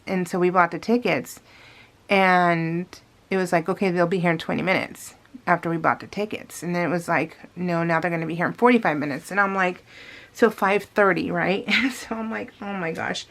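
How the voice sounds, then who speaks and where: Chatty rambling woman vlogger. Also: mid-range voice. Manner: rambling, chatty, many restarts and fillers; talks straight to viewers. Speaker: scrapbooking vlogger. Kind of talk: casual voice-over storytelling.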